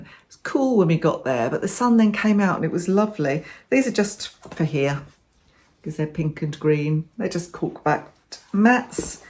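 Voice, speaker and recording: A middle-aged woman chatting enthusiastically as she shows off her bargain finds in a casual vlog. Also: on the low side. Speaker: vlogger. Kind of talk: casual show-and-tell chat.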